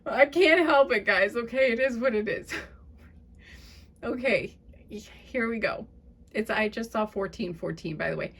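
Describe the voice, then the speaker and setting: A woman doing a pick-a-card tarot reading in a soft, chatty and apologetic way. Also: fairly high pitch, measured pace, husky. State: fits of laughter. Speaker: tarot reader.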